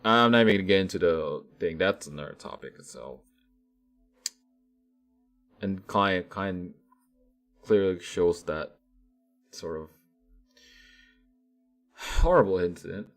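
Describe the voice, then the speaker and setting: Male vlogger, deep-pitched, animated rambling commentary. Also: takes it slowly, pauses often, faint music behind. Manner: animated, rambling, many restarts and fillers. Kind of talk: casual ranting commentary.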